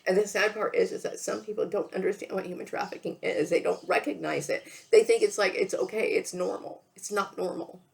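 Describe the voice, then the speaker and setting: A woman talking straight to camera in a halting, emotional monologue, repeating herself, stopping to say okay, and fighting back tears. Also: mid-range voice, steady tone, vocal fry. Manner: halting, repeats words, often says okay. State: tearful, emotional. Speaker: vlogger.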